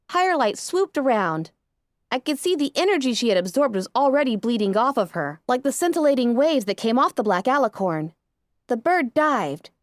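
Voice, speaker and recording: Brief: dramatic woman narrator, fairly high and very lively pitch, dry close mic. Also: no room sound. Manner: expressive, dramatic first-person reading. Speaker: audiobook narrator. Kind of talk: reading fan fiction aloud.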